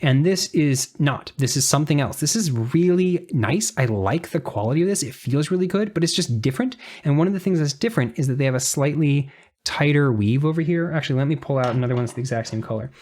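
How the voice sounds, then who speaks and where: A man's voice: on the high side, lively intonation, fast, a little mellow. A man giving a casual, detail-focused knife review, talking through what he shows with frequent restarts and fillers. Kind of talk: casual show-and-tell review.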